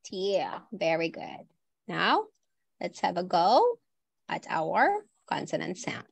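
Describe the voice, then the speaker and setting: A woman teacher leads an online pronunciation drill at an unhurried pace. Her mid-pitched voice has a gravelly edge, and the sound is dry and close, as from a computer mic on a video call. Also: wildly swooping pitch, no room sound, poor audio. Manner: slow, clearly modelling each sound and word for repetition. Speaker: English teacher.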